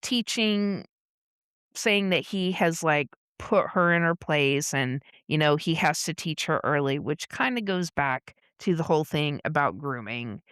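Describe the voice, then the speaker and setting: Woman, podcast co-host, casual comic recap, slow pace, smooth clear voice, dry close sound, laughs and swears. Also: sits low, no echo. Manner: animated retelling, laughs often, swears casually.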